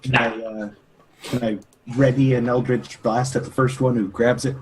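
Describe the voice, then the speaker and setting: Guy at a tabletop game, mid pitch, halting and deadpan, faint noise behind. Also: poor audio. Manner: halting, restarts, deadpan in-character lines. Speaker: player.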